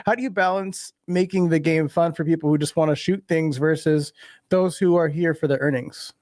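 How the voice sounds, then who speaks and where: Man, podcast host, slightly high voice, dry close sound, playful and joking. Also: steady tone, moderate pace, a little mellow, dry recording. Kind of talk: casual podcast chat.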